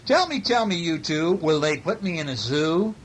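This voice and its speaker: Dad doing a spotted dog from a picture book, singsongy rhymes, high and hopeful. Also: male voice, sing-song, normal speed, a little hiss or hum. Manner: sing-song rhyming. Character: spotted male circus dog, playful and hopeful.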